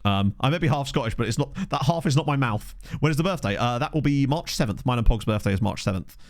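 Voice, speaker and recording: Lively, chatty male game streamer. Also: mid-range voice, quick pace, no room sound, studio quality. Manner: chatty, reads chat aloud, excitable reactions to match play. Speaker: streamer playing a football management game. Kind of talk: casual live-stream chat with commentary. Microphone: desk microphone.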